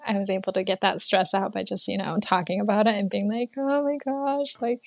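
A woman's voice: mid-range voice, level tone, fast, gravelly. A woman in her twenties telling stories in a casual interview, chatty with many fillers and laughing as she talks. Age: 20s. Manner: chatty, lots of fillers, laughs while talking. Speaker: guest, former English teacher.

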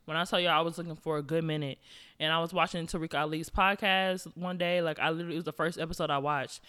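A woman's voice: deep voice, steady tone, fast talker, a bit bright, clear, resonant tone. Brief: young woman podcast host, loose slangy chat straight to listeners. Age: young adult. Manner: chatty, slangy, addresses listeners directly. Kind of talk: casual solo podcast chat.

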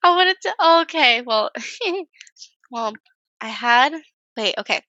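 Young woman guest, bright and a bit high, dry close sound, chatty storyteller who acts out her quotes. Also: slow pace, no room sound, muffled recording. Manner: animated, acts out quoted voices, chatty with many fillers. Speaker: esthetician guest. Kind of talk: casual storytelling interview.

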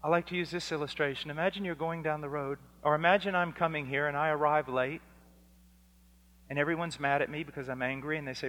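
A man preaching a sermon, slow and deliberate, swinging between loud emphasis and hushed, quiet lines. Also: a little high, steady tone. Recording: hall reverb.

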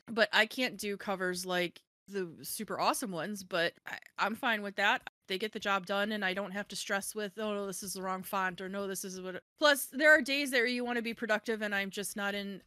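A woman hosts a podcast in easy, casual chat, slipping into lively acted-out exchanges when she tells a story. Her voice sits at a middle pitch. The recording is dry and close, with little room sound. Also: clean tone, no room sound. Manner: animated storyteller, acts out quoted exchanges. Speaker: podcast host.

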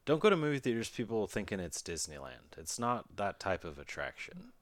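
A man's voice: lowish voice, huge pitch swings, fairly quick, dry recording. A man co-hosting a podcast, chatting casually in a blunt way with casual swearing. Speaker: podcast co-host. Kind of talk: casual chat.

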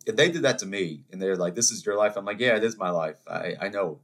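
A man hosting a solo podcast, telling rambling anecdotes in an animated, conversational way. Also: on the low side, quick pace. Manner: animated storytelling, rambling asides, mock voices. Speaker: podcast host. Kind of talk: solo ranting monologue.

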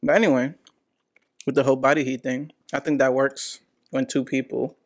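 A man's voice: mid-range voice, level tone, normal speed. A man, hosting a casual, joking, slang-heavy chat.

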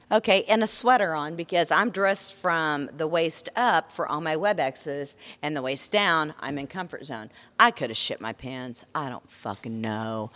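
A middle-aged woman telling a story in casual talk, blunt and full of swearing, with lively animation. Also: low voice. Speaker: podcast co-host.

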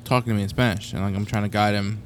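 A man telling a story in casual chat, halting and trailing off with "and, uh". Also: lowish voice, fairly even intonation, slight background noise.

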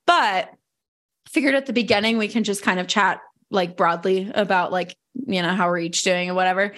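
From her home in Denver, a young adult woman hosts a casual podcast chat, talking loosely, laughing often and using lots of fillers. Her voice is medium-pitched and a bit bright.

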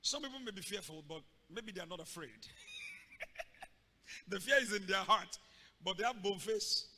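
Animated preacher in a reverberant hall. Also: male voice, high voice, normal speed. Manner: dramatic, acting out scenes with shouts and sudden loud bursts. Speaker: pastor. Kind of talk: sermon. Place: church hall. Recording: long reverb of a large hall.

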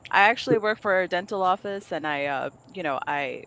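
A woman's voice: on the low side, fairly quick, a little hiss or hum, rough recording. A woman co-hosting a podcast, telling frank dating stories in casual chat and acting out the quotes. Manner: candid, animated storytelling with acted-out quotes. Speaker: podcast co-host.

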